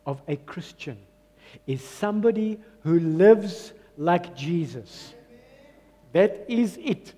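A man preaches a sermon, his voice high for a man, mellow and a little husky. He drives his points home by repeating phrases. The long reverb of a church hall trails behind him. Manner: emphatic, repeats phrases, mixes in Afrikaans. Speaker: pastor.

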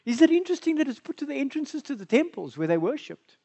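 Animated South African pastor preaching. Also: male voice, very high-pitched, quick pace, creaky. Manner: animated, engaging the congregation with questions. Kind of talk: bilingual sermon. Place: church.

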